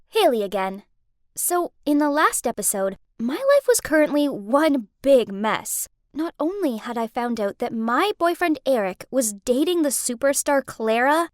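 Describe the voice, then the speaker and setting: High, lively woman narrating a drama. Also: dry recording, studio quality. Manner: emotional, dramatic delivery. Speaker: storyteller. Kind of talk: scripted first-person story narration.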